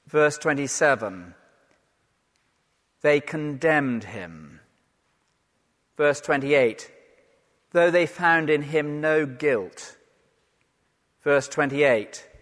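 A man, a vicar preaching a sermon in a lively storytelling manner that swings from loud to hushed. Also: fairly high pitch, extremely slow, pauses often. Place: church. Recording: long church reverb.

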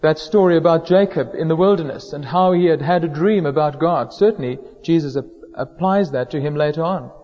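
A man preaching a sermon in a church, measured and slowing down to stress key words. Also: fairly high pitch. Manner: measured, slows down for emphasis on quoted words. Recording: dull lo-fi sound in a hall with long reverb.

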